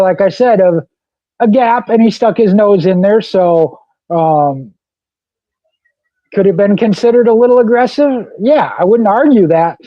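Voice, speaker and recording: A man's voice: high-pitched, dry recording, muffled recording. A man co-hosting a casual racing talk show, rambling with "like I said" and "you know". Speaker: co-host.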